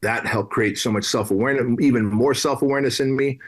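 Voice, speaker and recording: He talks fast in a mid-range voice: a podcast guest from Armenia, late thirties or older, recounting something personal in a casual, blunt manner laced with slang and swearing.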